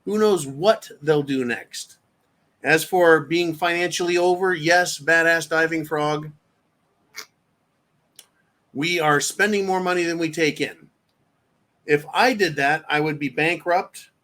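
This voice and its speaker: A man rants on his own live show in a profane, combative way, his slightly high voice pushed forward and bright with force. He talks straight to his viewers and breaks off to read their comments aloud. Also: takes it slowly, pauses often. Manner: reads viewer chat aloud. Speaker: show host. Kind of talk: live-stream commentary rant.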